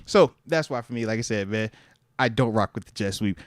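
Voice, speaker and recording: A man's voice: fairly low pitch, brisk, no echo, clean studio sound. A man in his thirties, a podcast host and former pro football player, telling a story in casual slangy talk with lots of laughter. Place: podcast studio.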